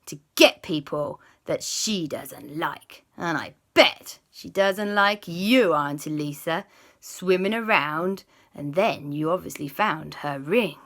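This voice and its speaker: A woman voicing a calm female scientist friend in a children's story, speaking earnestly and reassuringly. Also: deep voice, takes it slowly, full character voice. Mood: explaining.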